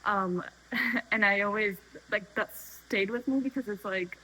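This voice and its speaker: In a rough recording, a young woman vlogger makes tea at home while chatting unscripted. Her mid-range voice is pushed and bright, and she speaks unhurriedly, rambling with frequent fillers and self-corrections.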